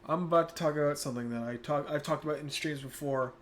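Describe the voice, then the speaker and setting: A young man streaming, talking casually and reflectively, turning soft-spoken when emotional. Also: on the high side, fast talker, noisy background. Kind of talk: casual chat.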